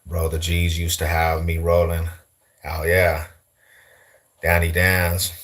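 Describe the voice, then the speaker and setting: A young man from Denver with an East Side Denver accent, talking casually and slangily to camera as a vlogger. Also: low-pitched. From Denver, USA. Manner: slangy, loose, animated, laughs often. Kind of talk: casual street talk to camera.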